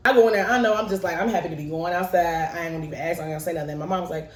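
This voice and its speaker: Brief: woman around forty, animated storyteller, roomy room sound with the mic set back. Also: on the low side, very fast, far from the mic. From Chicago, South Side. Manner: playful, lively, acts out voices and laughs often. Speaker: show creator telling a childhood story. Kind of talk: personal storytelling to camera.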